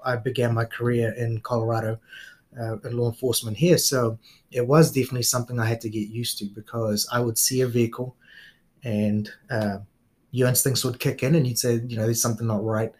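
Middle-aged New Zealand man, relaxed guest storyteller, mid-range voice. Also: mid-range voice, fairly quick. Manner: relaxed storyteller, frequent fillers and laughs. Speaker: guest police officer. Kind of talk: casual interview chat.

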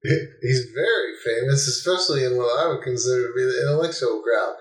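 A man's voice: medium pitch, quick pace, echoey room. A man from the American South co-hosting a podcast, making wry, dry asides in casual chat. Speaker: podcast co-host.

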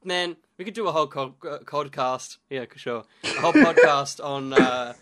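A young man co-hosting a podcast in casual chat, enthusiastic, swearing freely and quick to laugh. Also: on the high side, a loud crowd. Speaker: podcast co-host.

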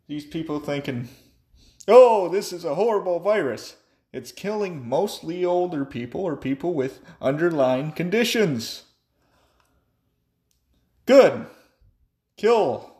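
A man's voice: a little high, a little mellow. A young man ranting angrily and profanely in a monologue. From United States. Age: young adult. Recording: echoey room.

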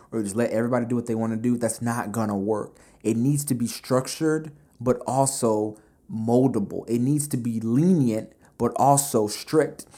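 A man hosting a casual talk on leadership, animated and conversational, full of fillers as he tells stories. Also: medium pitch. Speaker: business podcast host.

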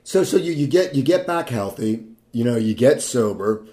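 Man, mid-pitched voice, interviewer, stumbling questions, repeats himself. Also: expressive, a crowd in the background. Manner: halting, repeats words while forming questions.

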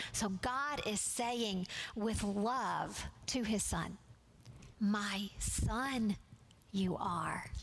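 A woman teaching a Bible study class from slides. She speaks in a measured, earnest way and leans on key words. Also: fairly high pitch, a bit bright, slight background noise.

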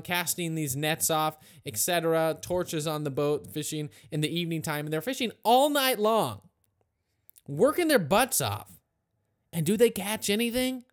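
A man teaching a Bible passage in a casual, conversational way, retelling the story with lively asides. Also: high voice. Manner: conversational, animated retelling with acted quotes. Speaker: pastor.

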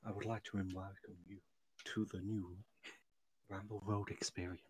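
A young man putting on the voice of a suave male smooth-jazz radio announcer, low and deliberate. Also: level tone.

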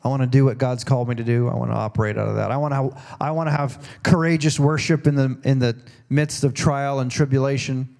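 A male pastor preaches to his congregation in a relaxed, conversational sermon, with a gravelly edge in his voice. His tone is dark and mellow, and he keeps turning to the room with questions. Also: medium pitch, fast talker. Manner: acts out voices in quoted dialogue. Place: church service.

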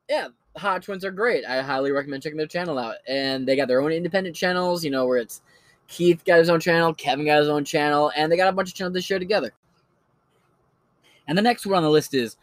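A channel host rambles in a laid-back, profane way through his recommendations of online creators in this casual solo commentary. His voice is on the high side and fast, captured in a dry recording.

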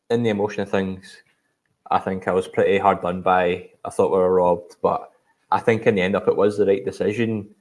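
A Scottish man co-hosting a podcast, chatting casually about football in a rambling, hesitant way with lots of fillers. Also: deep voice. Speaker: podcast co-host.

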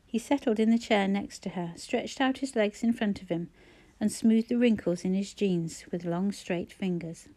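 A woman narrating a novel as an audiobook reader, in measured, even storytelling. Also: medium pitch. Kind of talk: scripted narration.

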